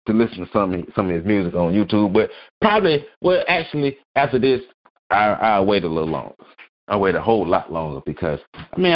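A man hosting a solo podcast, ranting bluntly and profanely, repeating phrases to mock. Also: fairly low pitch. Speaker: podcast host. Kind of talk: solo opinion rant. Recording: dull lo-fi audio.

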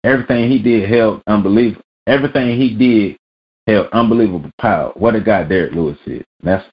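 A man with a low voice reads out sports news and then rants about it, blunt and full of curses. He hosts a weekly rant show. The sound is dull and lo-fi. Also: fast. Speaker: vlog host. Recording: dull lo-fi recording.

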